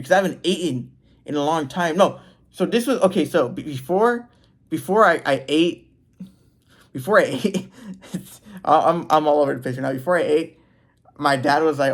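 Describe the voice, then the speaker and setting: Gravelly young man rambling through a story. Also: fairly high pitch, moderate pace, long pauses. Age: 20s. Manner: rambling, loose, self-interrupting delivery. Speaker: vlogger. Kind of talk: casual storytelling to camera.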